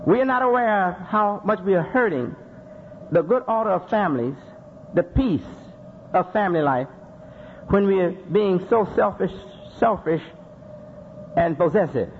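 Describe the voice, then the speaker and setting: A man's voice: high voice, lively intonation, moderate pace, pauses often. A man preaching a sermon, repeating phrases for emphasis and asking rhetorical questions. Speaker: Muslim preacher. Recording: dull lo-fi recording with faint noise.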